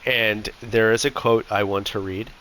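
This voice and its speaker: A man's voice: on the low side, flat delivery, moderate pace, a bit bright, smooth. A man co-hosting a podcast, chatting casually about a book and thinking aloud with restarts. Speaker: podcast co-host. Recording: noisy background hiss.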